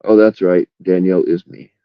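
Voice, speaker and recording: A man's voice: deep voice, steady tone, normal speed, dry recording, muffled recording. A man hosting a livestream in rambling casual chat, swearing freely. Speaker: livestream host.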